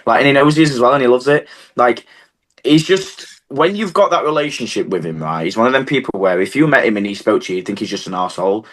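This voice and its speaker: A man's voice: medium pitch, expressive, quick pace, a bit bright. A man telling stories in casual podcast chat, rambling with lots of fillers and poking fun at himself. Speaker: wrestler, podcast guest.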